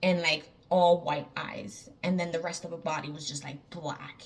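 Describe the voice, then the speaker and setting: A woman's voice: deep voice, fairly even intonation, moderate pace, distant mic. A woman casually retelling a frightening dream, with many fillers and repeated phrases, a little away from the mic. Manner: rambling, filler-heavy, lots of "like". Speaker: artist telling a dream story. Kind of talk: casual storytelling.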